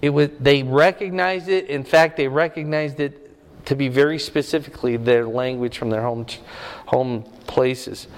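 This middle-aged man's voice is medium in pitch, fairly even in intonation, and a little slow. As a pastor giving Bible teaching to a congregation, he keeps things conversational and asks his listeners questions, all heard through long hall reverb.

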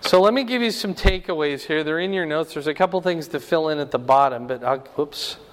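A man teaching a Bible lesson verse by verse, explaining slowly and checking in with "right?" and "okay?". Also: on the high side, big-room sound.

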